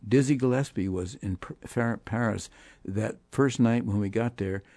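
An older man, a guest musician, telling animated anecdotes in an interview and voicing the people he quotes. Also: fairly low pitch, moderate pace, no room sound. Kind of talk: storytelling interview.

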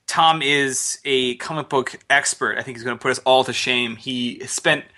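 A young man chatting as a podcast co-host, his voice very bright and ringing. He jokes around and breaks into laughter often, keeping things loose and casual. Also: medium pitch, moderate pace. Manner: laughs often, animated and joking. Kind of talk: casual chat.

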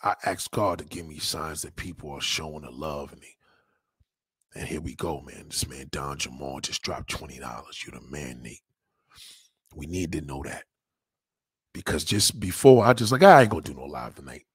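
A man talking casually on his livestream, rambling and emphatic, swearing often and swinging between loud and quiet. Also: rumbling low, lively intonation, normal speed, breathy edge, no echo, studio quality. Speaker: livestreamer taking donations.

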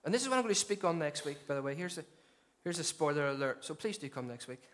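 A man's voice: fairly high pitch, animated, fast, fairly bright tone. A man preaching a sermon as lead pastor, emphatic and rousing, often repeating and restarting his phrases. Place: church venue.

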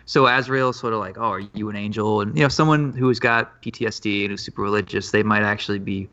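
A man in a casual podcast chat, talking about his comic in a relaxed, rambling way with fillers. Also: on the low side, quick pace. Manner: laid-back, rambling with fillers and laughs. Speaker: comic creator guest. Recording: dull lo-fi podcast audio.

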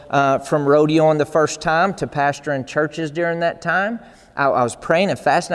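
Earnest preaching man in a reverberant hall. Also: a little high. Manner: earnest, repetitive, builds to emphatic peaks. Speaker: pastor. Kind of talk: sermon.

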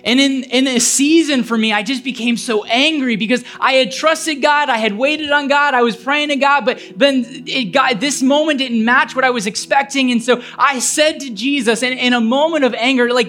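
A man's voice: very high voice, normal speed, hardly any pauses, bright, forceful tone, soft background music. A male pastor preaching a sermon, telling a personal story earnestly and building to fervent appeals.

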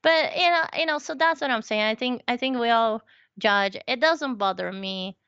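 A woman talks through her stories on a podcast, animated and playful, often slipping into the voices of the people she describes. The sound is a little dull and lo-fi, with a dry, close feel and no room around it. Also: on the high side, moderate pace, clear, resonant tone, no echo. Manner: animated storyteller, acts out quoted voices. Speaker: podcast guest. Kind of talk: casual conversation.

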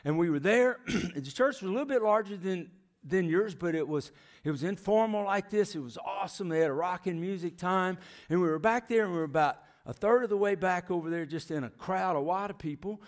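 A middle-aged American missionary, visiting a church, preaches a folksy storytelling sermon in the sanctuary and poses questions to the crowd. His voice is high-pitched and a little fast.

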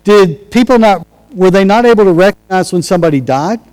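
Male pastor, sermon, high-pitched, chatty delivery, long hall reverb. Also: lively intonation, brisk, darkish tone, clear, resonant tone. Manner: conversational, restarts and acted-out quotes.

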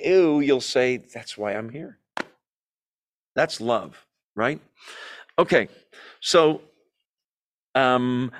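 Lively joking man teaching a Bible study. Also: a little high. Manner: animated, jokey, acts out quotes in asides. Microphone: video call or room mic, class also on Zoom.

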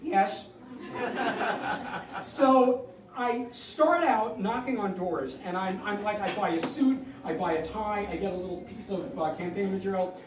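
A high-voiced man spins a wry, salty story about himself, picked up from a distance in a live, echoey hall. A low hum of audience ambience sits under him. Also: normal speed, few pauses. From New York. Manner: wry, profane, self-mocking. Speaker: comedian telling a personal story.

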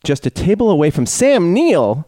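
A man in his thirties hosting a casual podcast chat, reading listener mail in a relaxed way. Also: a little high, normal speed, dry recording. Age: 30s. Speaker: podcast host.

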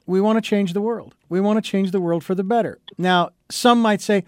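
A man hosting an interview show, talking in a reflective, halting way with frequent pauses. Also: high-pitched, steady tone, no echo, studio quality. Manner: reflective, halting, with many uh fillers. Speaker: radio or podcast host. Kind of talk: casual interview talk.

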